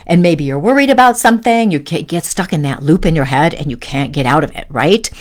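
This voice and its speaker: Gentle coaching woman, lowish voice. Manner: gentle coaching, frequent "right?" and "okay?" check-ins. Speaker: host. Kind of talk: live-stream spiritual teaching.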